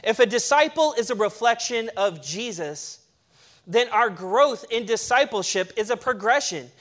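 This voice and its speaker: A man's voice: extremely high pitch, animated, moderate pace, fairly bright tone. A man, a pastor preaching a sermon to a congregation, emphatic and earnest with playful asides.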